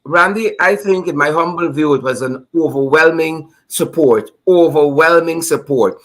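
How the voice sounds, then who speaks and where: A man's voice: on the high side, moderate pace, a bit bright. A Guyanese man with a Guyanese accent, a talk show guest who jokes around and laughs often. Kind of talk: casual talk show conversation.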